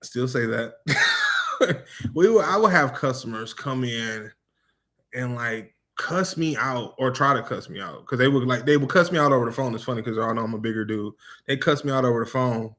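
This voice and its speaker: A man in a casual sit-down chat for a family vlog, telling stories at an easy, laid-back pace. His voice sits at an ordinary middle pitch, and his speech is loose and slangy. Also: huge pitch swings, moderate pace, bright, forceful tone. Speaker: co-host of a family vlog channel.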